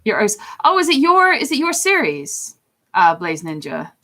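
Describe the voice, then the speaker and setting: This streamer and voice actress rambles in casual conversation as she draws live. She speaks at a moderate pace in a medium-pitched, sharp voice with big swings in pitch.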